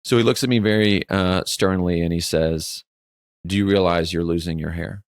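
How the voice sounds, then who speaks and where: A man in his forties co-hosting a podcast spins stories in casual conversation, animatedly acting out quotes with a frequent "like." His low voice is clear and resonant at normal speed, recorded in studio quality without echo.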